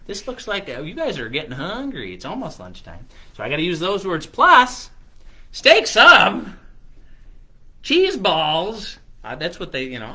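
A man's voice: high voice, wildly swooping pitch, measured pace, bright, forceful tone. A man hosting a children's show, making up a story on the spot with lots of fillers and playful restarts. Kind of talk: improvised storytelling for kids.

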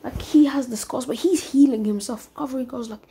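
Rambling high-voiced girl retelling a story. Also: fairly even intonation, moderate pace, dark tone, slightly rough. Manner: rambling, strings quotes with "he's like", often drops to a whisper. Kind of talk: casual fan-story retelling.

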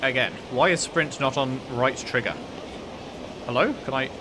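A man's voice: medium pitch, normal speed. A man giving casual, chatty commentary while playing a game, puzzled at times and swearing freely. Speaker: let's play gamer. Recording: noisy, with game sounds behind.

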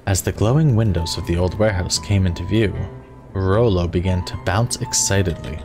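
A man streaming a game, reading the narration aloud in a playful, animated way. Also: low voice, normal speed, music in the background.

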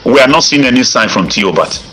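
A Nigerian man, a self-styled evangelist, recording a threatening voice-note rant full of repetition, halting restarts and filler sounds. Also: mid-range voice, animated, sharp tone, slight background noise, poor audio.

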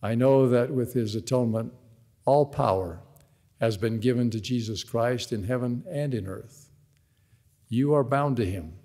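A man giving a devotional sermon at a university, speaking in a measured, earnest way and reading scripture aloud in a large arena. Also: mid-range voice, dark tone. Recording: long hall reverb in large arena.

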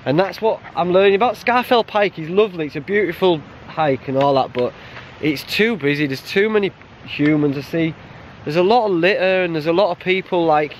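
A man chatting casually while hiking a mountain trail, blunt and quick to laugh. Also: fairly high pitch, a little hiss or hum. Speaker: hiker vlogger. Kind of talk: casual outdoor vlog chat.

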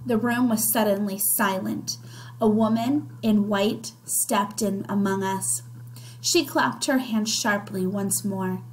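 Slow, expressive woman reading a story aloud. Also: mid-range voice, slight background noise, poor audio. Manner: slow, expressive first-person narration. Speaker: reader. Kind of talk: reading a children's novel aloud.

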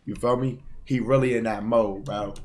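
A man's voice: fairly low pitch, steady tone, moderate pace, a little mellow, slight background noise. A young man giving casual reaction commentary and often turning to his viewers to ask if they agree. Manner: chatty, asks viewers for agreement. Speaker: reaction channel host.

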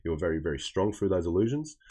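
A man with a very deep, dark and husky voice talks through a tarot reading in a loose, rambling way. He circles back over the same phrases and keeps checking in with the listener. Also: big pitch swings, fast, rough recording. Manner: rambling, repeats phrases, often adds "okay?". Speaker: tarot reader. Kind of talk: casual spoken tarot reading.

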